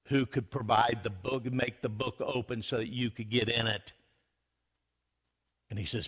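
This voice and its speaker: A man's voice: mid-range voice, steady tone, measured pace, pauses often, fairly bright tone, slightly rough, muffled recording. A man preaching a sermon, retelling scripture dramatically and building to fervent emphasis.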